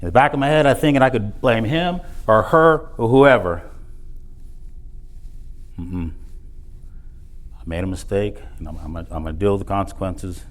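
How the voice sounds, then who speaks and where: Middle-aged man, deep low voice, motivational speaker telling his own story with punchy emphasis. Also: normal speed, pauses often, a little hiss or hum. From South Texas. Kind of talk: motivational speech. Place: event hall.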